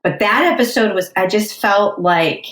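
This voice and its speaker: A woman's voice: medium pitch, moderate pace, a bit bright, a little hiss or hum. A Canadian woman, a comedian guest on a podcast, chatting casually with a self-mocking, jokey manner. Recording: roomy echo.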